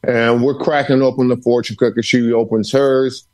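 A man's voice: medium pitch, flat delivery, normal speed, a little mellow. Man, podcast guest, home study, emphatic, repeats phrases like a preacher, storytelling. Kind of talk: storytelling interview.

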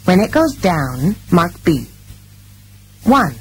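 A woman narrating textbook audio, reading exercise instructions in a slow, careful way. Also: fairly low pitch, sing-song, a little hiss or hum, rough recording.

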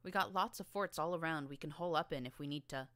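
A woman voicing a tough, streetwise young filly gang leader with a rough rural drawl and a blunt, slangy manner. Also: low voice, fast, fairly bright tone, dry recording.

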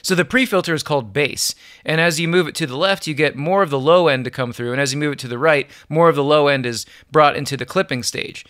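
A man giving an upbeat, relaxed music production software tutorial, chuckling now and then as he explains. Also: fairly high pitch, no echo, studio quality. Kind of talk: screen-recorded software tutorial.

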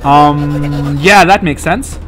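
A young man hosting a let's play, reacting excitably and profanely to a puzzle game as he plays. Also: fairly high pitch, slow pace, crowd noise. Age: young adult. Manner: excitable, profane, often laughing. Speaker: gaming channel host.

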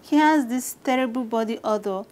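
An actress playing a shy young wife who speaks hesitantly and reluctantly, stammering at times. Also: female voice, fairly high pitch, fairly quick, darkish tone, close to an everyday voice. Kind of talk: scripted drama acting.

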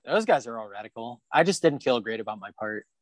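A man's voice: mid-range voice, expressive, fast talker, no room sound. A man talking as a podcast guest, blunt and heavy on swearing and fillers, recorded on a porch. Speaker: interview guest, rollerblader. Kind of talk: casual podcast interview. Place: porch in Kansas City.

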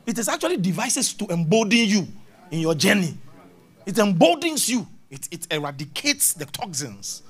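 A man preaching a sermon, swinging between loud, emphatic lines and low murmurs, and laughing at his own jokes. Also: big pitch swings, normal speed, husky. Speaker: pastor.

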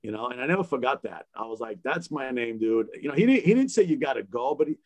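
Animated man telling a story. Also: medium pitch, fast. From Boston area. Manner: animated, laughing, acts out dialogue in his stories. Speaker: guest DJ. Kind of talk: casual storytelling on a panel.

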